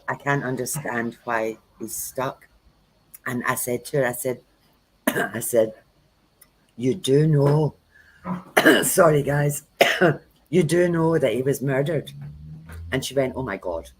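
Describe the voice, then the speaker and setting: A woman's voice: a bass voice, takes it slowly, long pauses, slight background noise, rough recording. Woman telling frank tarot stories. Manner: frank, anecdotal storytelling with acted-out quotes. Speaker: tarot reader and workshop host. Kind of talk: casual livestream chat.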